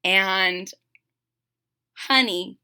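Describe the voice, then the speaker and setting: Slow, gravelly woman reading a storybook. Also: medium pitch. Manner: slow, gently explaining the pictures. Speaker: storybook read-aloud host. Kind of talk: reading aloud a picture book.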